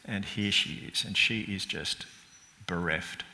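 A man preaching a sermon as pastor, chatty and lively, asking the congregation questions and speaking with a British accent. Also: low-pitched, a little slow, creaky. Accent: British English. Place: church hall. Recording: long reverb from a church hall.

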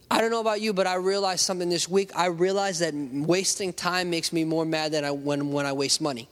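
A man's voice: on the high side, fairly even intonation, brisk, hardly any pauses. A male pastor preaching a conversational sermon, acting out little voices and talking straight to the congregation. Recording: long hall reverb.

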